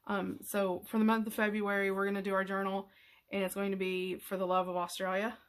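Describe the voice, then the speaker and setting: A middle-aged woman hosting a craft tutorial, talking casually in a rambling, halting way with many fillers and restarts. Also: mid-range voice, little pitch movement. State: emotional, near tears.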